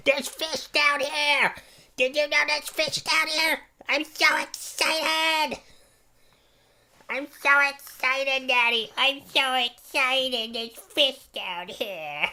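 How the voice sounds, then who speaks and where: A man putting on a squeaky gushing baby girl. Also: takes it slowly, bright, forceful tone, exaggerated voice. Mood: thrilled. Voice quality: high squeaky put-on baby voice. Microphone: studio microphone.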